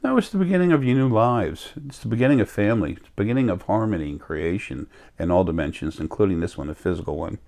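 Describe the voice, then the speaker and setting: A man talking in a slow, rambling monologue to his viewers, sick and coughing now and then. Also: lowish voice, animated, creaky, darkish tone. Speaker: vlogger. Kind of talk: casual monologue.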